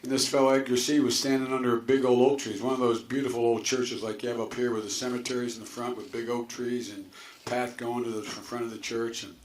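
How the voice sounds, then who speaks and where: Here the political candidate, an older man from Delaware, talks fast in a mid-range voice with little pitch movement. He's a folksy storyteller addressing a crowd, rambling along with chuckles and asides, in an echoey hall with slight background noise.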